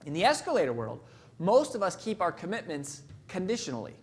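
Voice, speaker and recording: A man delivering a motivational keynote in an emphatic, storytelling manner. His voice sits notably high for a man, and he repeats key phrases for weight. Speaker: motivational speaker.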